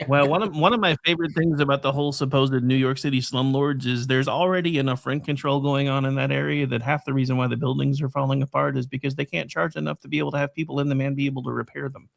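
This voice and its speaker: A man's voice: medium pitch, steady tone, quick pace, vocal fry, few pauses, dry recording. A man on a political talk show, speaking in a folksy, joking way. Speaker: panelist.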